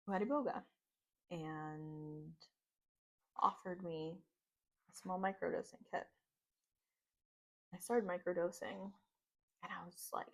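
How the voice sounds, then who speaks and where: A woman's voice: on the low side, gravelly. A woman telling a personal story in a casual, rambling way, with plenty of "like". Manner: casual, rambling, heavy use of "like". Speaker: podcast host.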